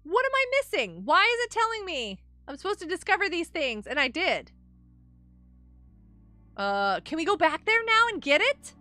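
A bubbly young woman chatting through a live game stream, her voice high and bright, swinging up and down as she reacts. Soft game music plays behind her. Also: big pitch swings, normal speed, dry recording. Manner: bubbly, exclaims and laughs often, talks to chat.

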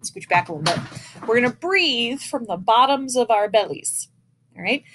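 A woman's voice: a little high, lively intonation, moderate pace, noisy background. Encouraging woman teaching breathing. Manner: patient and encouraging, demonstrating breaths aloud. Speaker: elementary music teacher. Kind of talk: recorded online lesson for children. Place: indoors, seated in a chair. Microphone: camera in front of her.

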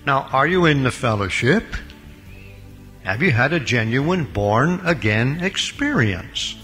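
An older man preaching a Bible lecture, with dramatic swings between loud emphasis and quiet asides. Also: mid-range voice, sing-song, slow pace, long reverb tail, soft background music. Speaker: pastor. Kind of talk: recorded Bible lecture sermon.

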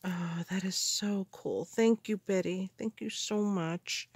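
A woman in a casual craft haul video, gushing with excited gasps and exclamations over the supplies she unpacks. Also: medium pitch, slow, slightly rough, no room sound. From Canada. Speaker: crafter unboxing mail.

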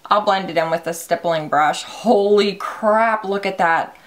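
A woman beauty vlogger giving a casual, excitable makeup review, gushing and swearing lightly. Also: mid-range voice, a little slow.

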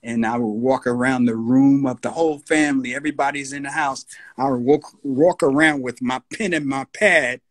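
A man in his sixties from the United States, with a New York accent and a mid-range voice, recalls his past as a guest in a relaxed storytelling interview. He's slow and unhurried, with a husky tone, and slips into radio DJ voices.

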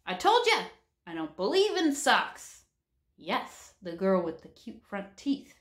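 A woman's voice: mid-range voice, wildly swooping pitch, slow. A woman doing a blunt scruffy hobo man. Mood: matter-of-fact. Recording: roomy echo.

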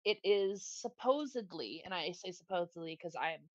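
A woman's voice: on the low side, lively intonation, moderate pace, no room sound. A woman from Canada, a podcast guest, talking bluntly in casual chat with plenty of swearing. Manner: blunt, heavy swearing, emphatic. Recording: dull lo-fi dry sound.

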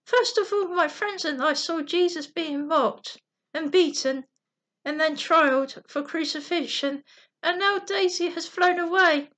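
A woman's voice: very high-pitched, measured pace, fairly bright tone. A woman reading a bedtime storybook, voicing a young girl who is upset and tearful.

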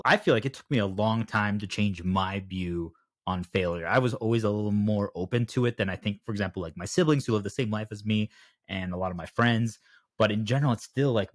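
A man's voice: on the low side, no echo, studio quality. A young man hosting a podcast interview, asking long rambling questions and acting out little quoted exchanges. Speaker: podcast host. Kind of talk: conversational interview.

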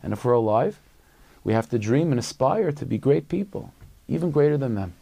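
A man's voice: medium pitch, lively intonation, fairly quick, gravelly, warm tone, slight background noise. A man, a rabbi, telling a story in a casual, conversational way with lots of fillers. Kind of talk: storytelling talk.

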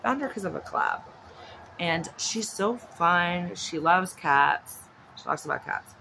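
A woman's voice: on the low side, huge pitch swings, measured pace, creaky, bright, forceful tone, slight background noise, low-quality recording. A woman vlogging at home in a casual, chatty way, rambling off into asides. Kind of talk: casual chat. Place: at home with her dog nearby.

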